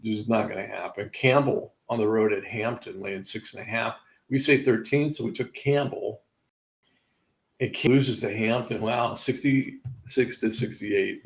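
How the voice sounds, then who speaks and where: A man with a creaky, mid-range voice hosts a live sports betting show, heard through a rough recording. He casually runs through game results, tossing in wry asides and laughing at his own missed picks.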